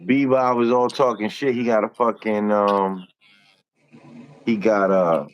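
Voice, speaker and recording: A man's voice: fairly low pitch, fairly even intonation, a little slow, muffled recording. A young man hosting a casual live stream, talking in a laid-back, slangy way and swearing freely. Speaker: livestream host.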